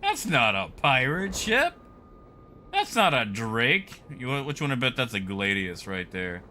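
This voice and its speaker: A man's voice: mid-range voice, wildly swooping pitch, unhurried, sharp tone, slight background noise. A man live-streaming a space game, chatting casually and animatedly, laughing and greeting viewers as he plays. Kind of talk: casual live-stream commentary while gaming.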